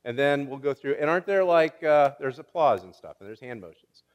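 A man's voice: mid-range voice, very animated, brisk, highs cut off. A man preaching a sermon as pastor, playfully teasing his congregation and often repeating words as he restarts a phrase. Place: church sanctuary. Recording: long hall reverb.

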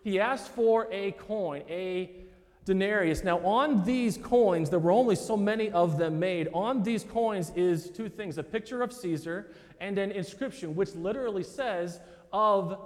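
A man with a high voice preaches a sermon to his congregation, with a loose, conversational delivery. His voice rings out with a long reverb through the church sanctuary. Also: a little mellow. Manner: conversational preaching, addresses listeners as "guys". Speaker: pastor.

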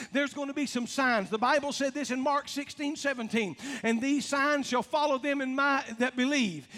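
A man's voice: very high voice, fairly bright tone. A man preaching a folksy, emphatic sermon, joking and calling out to his congregation. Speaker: pastor. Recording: long reverb of a large hall.

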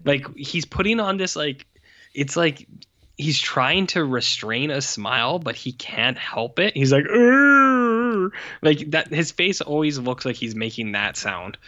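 A man's voice: mid-range voice, lively intonation, unhurried, pushed and bright. A man co-hosting a casual film review chat, blunt and scornful, swearing freely. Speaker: podcast co-host. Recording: dull lo-fi sound.

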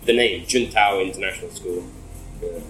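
A man with a lowish voice tells a rambling story in casual conversation. He swears freely and laughs between phrases. The room is echoey, with faint music behind him. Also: normal speed, a bit bright. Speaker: interviewee.

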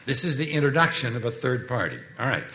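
A male preacher telling a family story to explain a doctrine, dropping his voice low and soft for the tender moments. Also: sing-song, quick pace, a little hiss or hum. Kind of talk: sermon storytelling.

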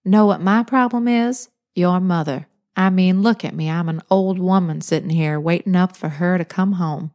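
A woman's voice: fairly low pitch, normal speed, few pauses, darkish tone, close to an everyday voice. Woman doing a teasing old grandmother. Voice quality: soothing, drawling.

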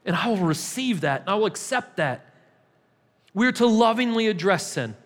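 A man's voice: high voice, lively intonation, normal speed, fairly bright tone. A man pastor preaching a sermon in a church, emphatic and repetitive, building in intensity. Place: church sanctuary. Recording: long hall reverb.

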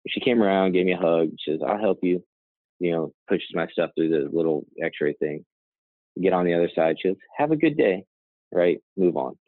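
A man's voice: deep voice, fairly even intonation, fairly quick, no room sound. A man who co-founded and runs a nonprofit, telling a story in a rambling, conversational way with frequent "right?" and "you know" asides. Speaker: nonprofit co-founder and CEO, guest. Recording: dry, tinny phone-like line.

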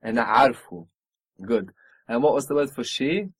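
A man's voice: mid-range voice, big pitch swings, moderate pace, darkish tone, breathy edge, no room sound. A man teaching a spoken language lesson, patiently modelling pronunciation and encouraging his student.

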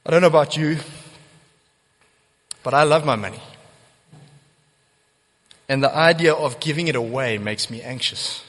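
A man's voice: on the high side, unhurried, long pauses, fairly bright tone. A man preaching a sermon as pastor, earnest and emphatic, repeating key phrases for weight. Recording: long church hall reverb.

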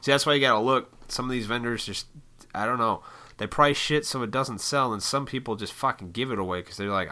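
A man's voice: medium pitch, fairly quick, pushed and bright. A man from Illinois hosting a casual solo podcast, talking in a laid-back, rambling way with lots of swearing. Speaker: podcast host.

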